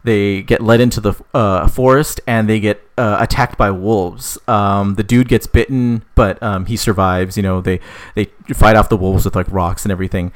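Man, fairly low voice, rambling storyteller, lots of fillers, casual swearing. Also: fairly even intonation, normal speed, hardly any pauses. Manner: acts out characters' lines with raised pitch. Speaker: storyteller pitching a story idea.

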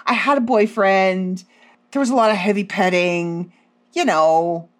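A woman podcast host telling funny stories about her own life in a casual, self-deprecating, animated way. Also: medium pitch, measured pace. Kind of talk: casual comedic storytelling.

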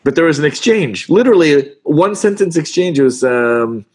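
A middle-aged man, a voice actor, telling stories in a casual interview in an animated, self-deprecating way and acting out the lines he quotes. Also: a little high, normal speed, slightly rough. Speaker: voice actor guest.

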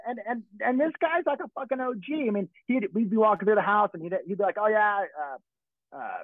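A man's voice: sits high, fast, no room sound. A middle-aged man from California telling stories in casual chat, rambling and swearing with many restarts. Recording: tinny phone-like dry sound.

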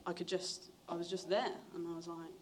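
Brisk and with little pitch movement, this young man delivers his sermon testimony as chatty storytelling. Slight background noise is present, and he voices the people he quotes with big jumps in pitch.

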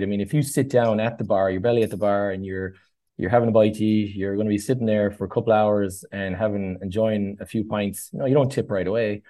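Low, mellow-voiced Irish man chatting. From Ireland. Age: middle-aged. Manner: chatty storyteller, acts out voices in anecdotes. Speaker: guest, bartender and tour organiser. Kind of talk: casual interview chat.

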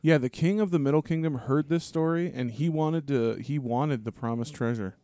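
A man co-hosting a podcast, retelling a story in casual chat with relaxed hesitations. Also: on the high side, moderate pace, no room sound, studio quality. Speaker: podcast co-host.

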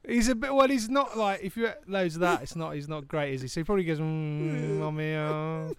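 A man's voice: high voice, quick pace. A man co-hosting a casual comedy chat over a video call, a rambling storyteller who mocks himself and laughs often. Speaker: co-host.

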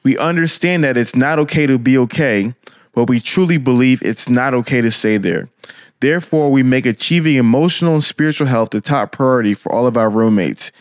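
A man's voice: medium pitch, a little fast, no room sound. Guy cohosting a christian podcast, earnest and preachy, dry close sound. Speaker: podcast co-host. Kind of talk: casual podcast talk.

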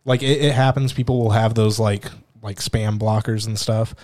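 A man's voice: lowish voice, steady tone, normal speed, a little mellow. Laughing man telling a story. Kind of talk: casual chat.

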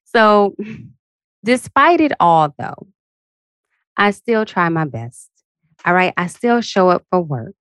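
Low-ish voiced woman venting on her podcast, tired, real candid, dry close mic. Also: takes it slowly, pauses often, clean tone, no echo. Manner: venting, candid and expressive, with sudden high-pitched asides. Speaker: podcast host. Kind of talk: casual solo podcast rant.

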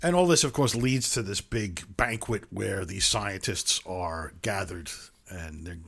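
A man co-hosting a podcast, chatting casually about a film and often pausing on fillers. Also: low-pitched, gravelly, a bit bright. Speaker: podcast co-host.

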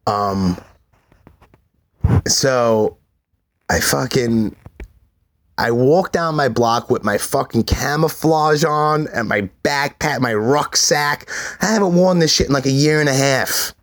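A middle-aged man, telling his life story on a solo podcast in a profane, animated way. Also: mid-range voice, slow, pauses often. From New York City. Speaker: podcast host.

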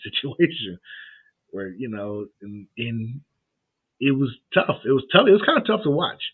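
A man chatting casually, telling a story and acting out the people in it with lively quoted voices. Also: mid-range voice, breathy edge. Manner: animated, acts out quoted voices. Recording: tinny phone-like sound.

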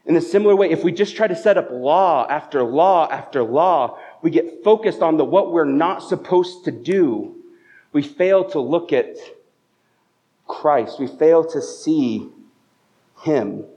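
A man's voice: on the high side, a little mellow. Man preaching a conversational sermon, muffled. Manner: conversational, storytelling with rhetorical questions. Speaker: pastor. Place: church service. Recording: dull, muffled lo-fi sound.

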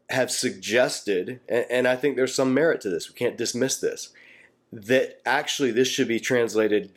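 A man with a lowish voice talks through a scripture passage like a relaxed classroom teacher. He explains verse by verse in a conversational way and livens it up by acting out the people he quotes. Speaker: Bible teacher.

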